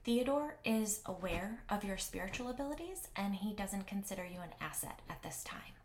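A woman voicing a nervous woman who relays an alien's words in stiff, formal phrasing, pitched higher than her own voice. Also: animated, normal speed, slight background noise, natural voice.

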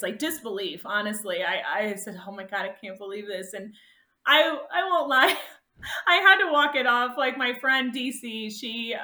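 Bright-voiced emotional woman storyteller. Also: medium pitch, roomy sound. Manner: emotional, laughs often, animated quoting. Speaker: guest ultrarunner. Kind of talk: casual storytelling.

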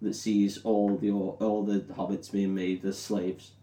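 A man's voice: on the low side, level tone, warm tone. A man co-hosting a podcast, tipsy, recapping a fantasy film with lots of swearing and laughter. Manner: laughs often, swears, acts out characters in quick voices. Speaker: podcast co-host. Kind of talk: drunken comedic film recap. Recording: roomy echo, mic at a distance.

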